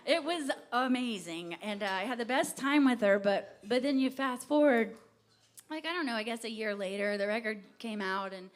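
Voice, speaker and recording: A woman's voice: on the high side, normal speed. A woman singer from Texas chatting with a live audience between songs, rambling and self-deprecating as she tells a story. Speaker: singer-songwriter performing live. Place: live music venue with audience.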